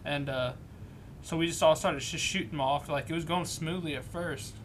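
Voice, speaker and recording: A young man telling a story in a casual chat, loose and halting, often restarting his sentences. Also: a little high, a bit bright, slight background noise. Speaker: guest.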